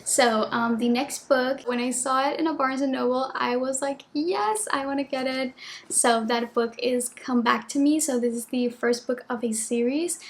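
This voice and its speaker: High-voiced chatty young woman vlogger. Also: steady tone, normal speed. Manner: chatty, gushing, lots of "like" fillers. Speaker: book vlogger. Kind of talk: casual chat.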